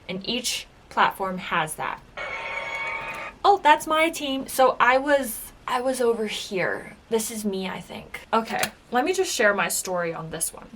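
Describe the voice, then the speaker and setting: A woman recalling her time as a game show contestant in a casual reaction video, chatty and full of filler words, sometimes dropping to a soft whisper. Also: medium pitch, a little hiss or hum. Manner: chatty storytelling, lots of filler "like".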